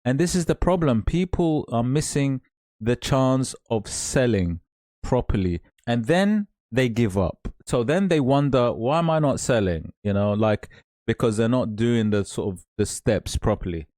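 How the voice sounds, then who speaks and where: A man speaks straight to his viewers as a coach, pressing each point again and again. His voice sits at a middle pitch and sounds dry and close. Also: animated, measured pace, dark tone, dry recording. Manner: emphatic, repeats points, calls listener mate. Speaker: online business coach. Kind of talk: direct-to-camera advice talk.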